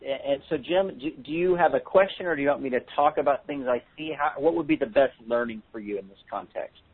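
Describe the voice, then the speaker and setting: A man's voice: mid-range voice, quick pace, breathy edge. A man hosting a handwriting analysis seminar with callers, explaining in a chatty way with joking asides. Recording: tinny phone-line audio.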